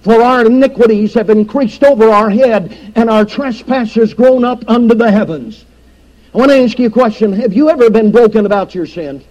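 High-pitched emphatic preacher man. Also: warm tone, dull audio. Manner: emphatic preaching, quoting scripture with dramatic drops in voice. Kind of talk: sermon.

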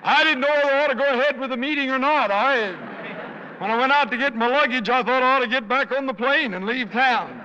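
An older man with a hoarse voice, a traveling evangelist telling folksy stories in a sermon and acting out the people he quotes. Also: extremely high pitch, brisk, pushed and bright, slight background noise. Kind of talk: anecdotal sermon storytelling with jokes. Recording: reverberant hall, dull lo-fi sound.

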